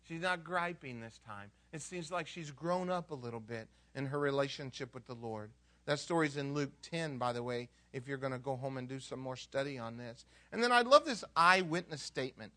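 High, bright-voiced storytelling pastor. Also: male voice. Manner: animated storytelling, acts out characters; conversational, asks the audience questions. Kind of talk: sermon.

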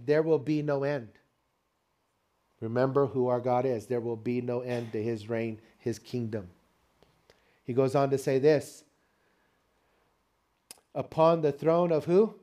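Warm-voiced preaching grandfather. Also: medium pitch, a little slow, pauses often. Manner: animated storytelling preacher with call-and-response. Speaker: pastor. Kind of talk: sermon.

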